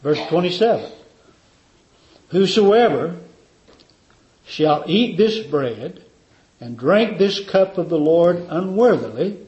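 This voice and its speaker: A man's voice: sits high, animated, slow, long pauses, darkish tone, highs cut off. A man preaching a communion sermon in a fervent, repetitive cadence.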